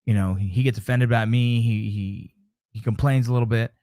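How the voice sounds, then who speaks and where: A man's voice: mid-range voice, fairly even intonation, a little fast, mellow, no echo. Emphatic man talking in a dry room. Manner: emphatic, repetitive, swears casually. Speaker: show host. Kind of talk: casual livestream chat.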